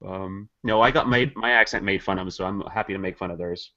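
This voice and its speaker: A man's voice: low voice, a little fast, pushed and bright, dull audio. A man guest-hosting a comedy podcast, chatting in a playful, jokey way. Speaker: guest host. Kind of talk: casual comedy podcast chat.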